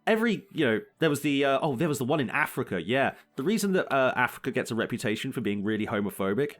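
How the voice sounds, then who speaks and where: A man's voice: medium pitch, very animated, fast talker, faint music behind. A young man co-hosting a casual podcast chat, ranting with plenty of swearing and frequent laughter. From Britain. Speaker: podcast co-host.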